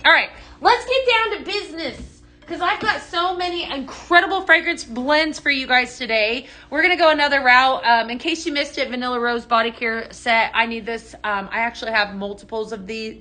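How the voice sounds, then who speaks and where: Woman, live sales host, bubbly and chatty, bright voice, fairly high. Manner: bubbly, chatty, greets viewers by name. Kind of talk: live shopping stream chat.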